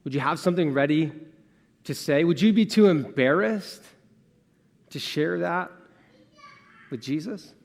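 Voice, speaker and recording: A man delivering a sermon as pastor, his voice sitting a touch higher than most men's. He speaks earnestly, shifting from quiet, confiding phrases to emphatic ones and leaning on rhetorical questions. The sound carries a long reverb from a church sanctuary. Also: lively intonation, measured pace, pauses often. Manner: earnest, swings between emphatic and hushed, asks rhetorical questions.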